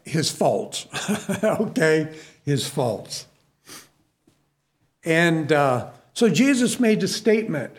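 Middle-aged guy preaching, kinda high voice, chatty and self-deprecating. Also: very animated, slow, pauses often. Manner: conversational, self-deprecating, many asides. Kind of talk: sermon.

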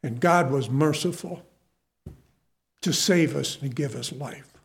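A man's voice: mid-range voice, slow pace, gravelly. A male pastor preaching a sermon to his congregation in a folksy manner, repeating key phrases for emphasis.

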